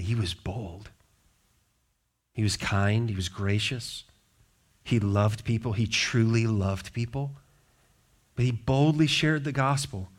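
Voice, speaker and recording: A man with an American accent, a pastor preaching a sermon and telling the stories in lively, acted-out voices. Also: on the low side, unhurried, long pauses. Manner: animated storyteller, acts out voices.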